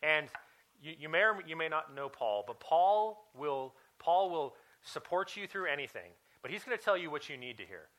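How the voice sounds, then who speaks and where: A man's voice: fairly high pitch, sing-song, normal speed, fairly bright tone, low-quality recording. A man in his thirties preaching a sermon as a personal story, talking in a conversational way with many fillers and restarts. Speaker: pastor.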